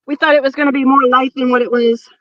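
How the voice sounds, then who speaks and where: A fairly high-voiced woman with a Southern twang chats her way through a walking tour, holding her phone as she goes. The sound is dry and a little dull. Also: steady tone, fast, no room sound. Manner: chatty, walking outdoors while filming. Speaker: tour guide. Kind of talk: casual walking tour on a video call.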